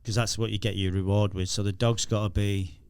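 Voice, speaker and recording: Chatty Northern English man, low voice. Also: level tone, a little fast, darkish tone, smooth. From England. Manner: chatty, laughs through anecdotes, lots of restarts. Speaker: guest, former explosive detection dog handler. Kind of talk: casual storytelling interview.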